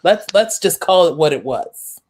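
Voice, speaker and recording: A woman's voice: sits low, sing-song, moderate pace, a little mellow, slightly rough. Earnest woman repeating words for emphasis. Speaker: panelist. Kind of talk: casual panel discussion.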